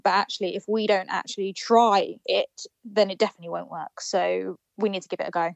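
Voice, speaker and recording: A woman's voice: mid-range voice, fairly even intonation, a little fast, gravelly, few pauses, dry recording. A woman, speaking as a fan trust representative in a casual podcast chat, earnest and giggly with many fillers.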